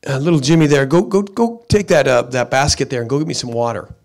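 A man voicing a gruff, bossy old grandfather in a sermon story, with a commanding drawl. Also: mid-range voice, fast, a little mellow, natural voice.

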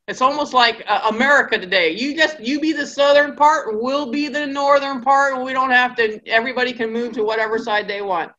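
A woman teaching a Bible study class in a lively storytelling style, acting out the people in her stories. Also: high-pitched, brisk, few pauses, dull audio. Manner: acts out characters' voices in quotes.

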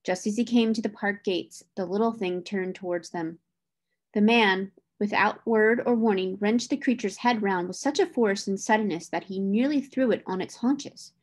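A woman reading a classic novel aloud in a measured storytelling manner. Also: medium pitch. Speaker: reader.

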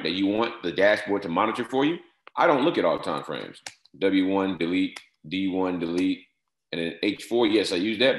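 A man giving a step-by-step software tutorial, repeating short instructions and filling pauses with "all right". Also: low-pitched, echoey room. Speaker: software trainer. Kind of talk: screen-share tutorial walkthrough.

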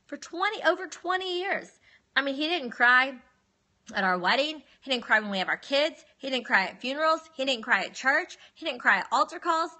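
A woman's voice: high voice, expressive, normal speed, bright, forceful tone. A woman, telling her life story casually on a phone livestream and addressing viewers as y'all.

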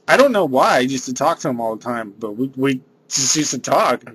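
A man's voice: mid-range voice, big pitch swings, brisk, fairly bright tone, husky. A man, rambling through a casual vlog monologue and saying "dude" a lot. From San Diego area. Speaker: vlogger.

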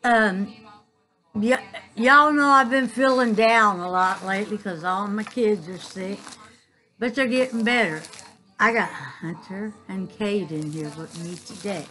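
Gushing woman, slow-talking. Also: medium pitch, low-quality recording. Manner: gushing, excitable, talks straight to viewers. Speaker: crafting vlogger. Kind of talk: casual chat to camera.

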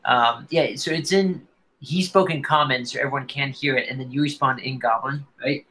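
A man narrating as dungeon master, talking slowly with many fillers. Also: mid-range voice, bright, forceful tone, poor audio. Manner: slow, halting narration with fillers. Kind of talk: narrating a tabletop game. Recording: faint background noise.

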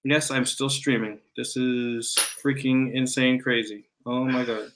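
A man streaming from home as he opens trading cards, his voice bright and forceful. He bursts into exclamations and talks in quick, breathless rushes. A faint hiss sits under the recording. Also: medium pitch, flat delivery, poor audio. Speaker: card-opening streamer. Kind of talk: excited live-stream chat.

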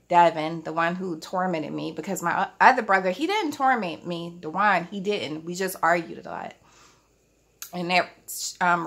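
A chatty woman telling a childhood story to her viewers from home, her voice carrying a noticeable gravelly fry. She keeps things casual and talks directly to the audience in a relaxed storytime manner. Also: on the low side. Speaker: vlogger. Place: at home, family in the house.

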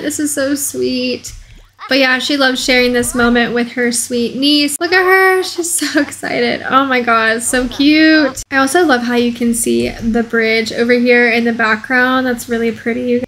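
A woman's voice: sits high, pushed and bright, low-quality recording. A woman hosting a casual let's play video, commentating in a bubbly, gushing way.

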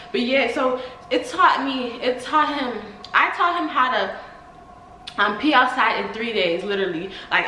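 Young woman vlogger, high lively voice, bright tone, echoey room, faint background hum. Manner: chatty and excitable, addresses viewers as y'all. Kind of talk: casual vlog chat. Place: at home with her dog.

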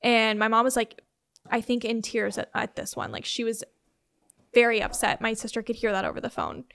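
Young woman, interview guest, slightly high voice, chatty and filler-heavy storytelling. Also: very animated, moderate pace, gravelly, fairly bright tone. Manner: conversational, many "like" and "um" fillers, quotes family members in retelling. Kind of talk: personal storytelling in a sit-down interview.

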